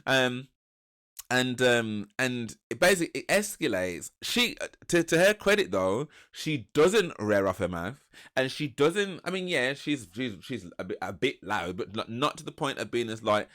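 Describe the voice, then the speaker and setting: A man's voice: mid-range voice, normal speed. A man, casually rambling through a reaction to a reality TV episode with lots of restarts. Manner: rambling, restarts and animated retelling. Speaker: reaction video host.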